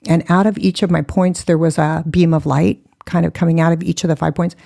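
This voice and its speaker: Woman, low pitch, earnest, enthusiastic, podcast guest. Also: fairly even intonation, brisk, creaky, mellow. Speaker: podcast guest, speaker and spiritual teacher. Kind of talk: animated personal storytelling.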